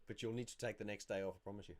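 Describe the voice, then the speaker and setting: Chatty man hosting a livestream. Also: fairly low pitch. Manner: chatty and rambling, laughs often, many restarts. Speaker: YouTube channel host. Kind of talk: casual livestream Q&A.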